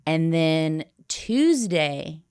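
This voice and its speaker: A woman's voice: low voice, sing-song, extremely slow, darkish tone, smooth, no room sound, clean studio sound. A woman co-hosting a podcast, chatting casually with blunt, crude humor and frequent laughter. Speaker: podcast co-host.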